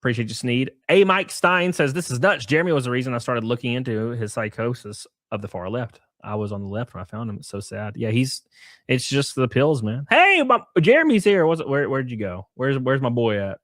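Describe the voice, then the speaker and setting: A man with an ordinary middle-pitched voice hosts a livestream in loose, profane banter. He rattles through viewer messages and chuckles between them. The sound is dry and close, with no room echo. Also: big pitch swings, fairly bright tone. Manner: rapid banter, chuckles, reads messages aloud. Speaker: livestream host reading viewer donations. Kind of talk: casual profane livestream chat.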